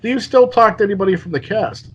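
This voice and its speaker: A man's voice: high voice, lively intonation, fast talker, husky, highs cut off. A man hosting an interview show, chatting casually, laughing along and teasing his guest. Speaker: show host.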